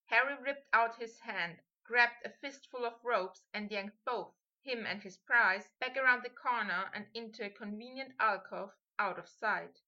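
A woman reads a story aloud in a steady, intimate way. Her voice is bright and fairly high, and the recording sounds lightly muffled and lo-fi. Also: a little slow, few pauses. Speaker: audiobook reader. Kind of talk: fan fiction narration.

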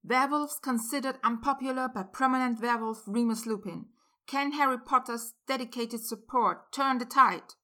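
A woman's voice: on the high side, bright, forceful tone, voice pushed up. A woman voicing an eager male newspaper reporter who announces his lines like headlines. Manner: brisk, headline-style announcing.

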